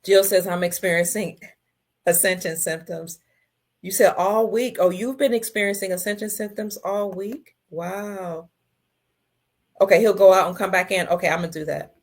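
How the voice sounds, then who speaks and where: A woman hosting a casual livestream, reading viewer comments, emotional and tearful, her voice swinging between soft and loud. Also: mid-range voice, fairly even intonation, normal speed. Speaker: livestream host.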